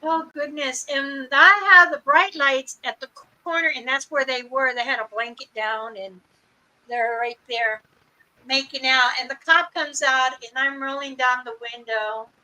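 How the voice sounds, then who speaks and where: A woman's voice: high voice, steady tone, a little slow, pushed and bright, low-quality recording. An older woman hosting a livestream, telling a funny family story casually and laughing often as she goes. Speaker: livestream host. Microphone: streaming mic.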